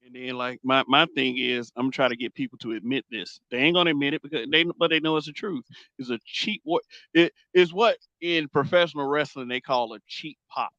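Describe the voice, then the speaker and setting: A man's voice: mid-range voice, fairly quick, pushed and bright, no echo, dull audio. A man hosting a casual podcast, talking bluntly and emphatically, repeating phrases as he builds his points. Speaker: host.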